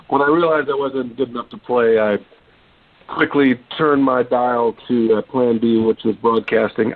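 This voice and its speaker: A man in his forties from Texas, a sports broadcaster telling his story in a relaxed interview with lots of ums and restarts. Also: medium pitch, no echo. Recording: dry, tinny phone-line sound.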